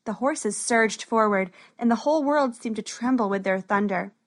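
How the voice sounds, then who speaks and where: Woman storybook narrator, steady, slightly high voice. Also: normal speed.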